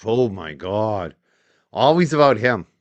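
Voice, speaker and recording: A man's voice: fairly low pitch, very animated, slow, dry recording, lo-fi sound. A man commentating on clips with a profane, mocking and sarcastic tone. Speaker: live-stream commentator.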